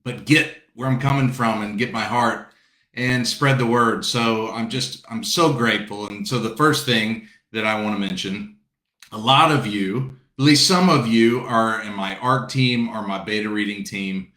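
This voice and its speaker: A low-voiced man from South Carolina chats on a video call, rambling and greeting viewers as he hosts a book launch. His voice is bright and forceful. The sound comes through with a roomy echo. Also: a little slow. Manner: chatty, warm greetings to viewers, rambling asides. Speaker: author hosting a book launch livestream. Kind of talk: casual chat.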